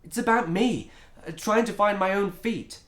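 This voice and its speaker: A man's voice: high voice, moderate pace, natural voice. A man playing a grieving writer, hesitant and stammering. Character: grieving, blocked male writer. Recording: roomy echo.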